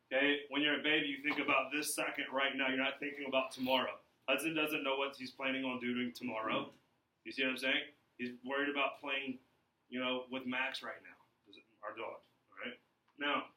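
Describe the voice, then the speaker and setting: Energetic male sales trainer in an echoey room. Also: mid-range voice, recorded from a distance. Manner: energetic, coaching, checks in often with "right?".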